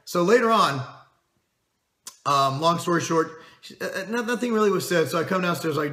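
Middle-aged guy ranting to camera, kinda high bright voice, swears a lot, echoey room. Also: animated, normal speed. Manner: blunt, profane and emphatic. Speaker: fitness channel host. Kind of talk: casual monologue to camera.

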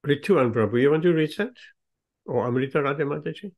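A man giving a devotional lecture, telling a story slowly and stressing key words. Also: on the high side, darkish tone. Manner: slow, emphatic, leans on key words.

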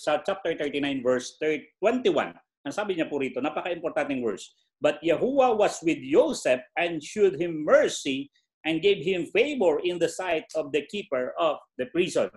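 A man with a Filipino accent teaching a Bible study in English and Tagalog, polite and measured, often checking in with his listeners. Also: a little high.

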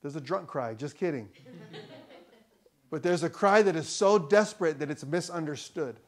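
Man, pastor, fairly high voice, casual sermon, swells to loud bursts. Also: lively intonation, moderate pace. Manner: conversational preaching, rising to loud emphatic peaks, joking asides. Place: church.

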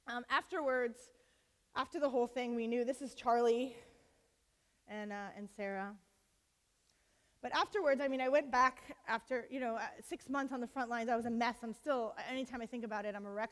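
A woman telling a personal story at a college talk, impassioned, full of fillers and restarts, acting out what others said. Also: a little high. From United States. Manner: impassioned, many fillers and restarts, acts out quotes. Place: lecture hall. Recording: long hall reverb.

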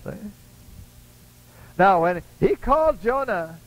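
In a rough recording, an elderly preacher delivers a homespun story sermon at a slow, sing-song pace, voicing the characters and chuckling to himself. His voice sits high.

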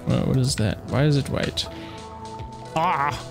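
Music plays behind this man's creaky, medium-pitched voice as he games at a measured pace. A let's play commentator, he chats to himself, addresses the creatures on screen, and laughs frequently.

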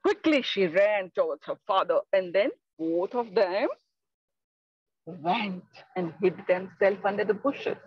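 Breathy slow-paced woman storyteller. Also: mid-range voice, no room sound. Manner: slow, dramatic and expressive. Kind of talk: storytelling for children. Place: home, online talk. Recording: dull lo-fi online recording.

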